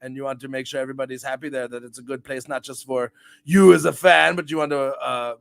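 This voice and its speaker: A man hosting a casual livestream chat show, upbeat and rambling, breaking into loud excited shout-outs to viewers. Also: mid-range voice, fast talker, gravelly.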